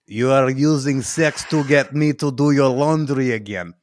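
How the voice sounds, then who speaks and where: A man playing a stern, unsmiling young Russian man in a comical Russian accent, speaking slowly and deadpan. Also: medium pitch, slight background noise, pitched above the performer's own voice, close to an everyday voice.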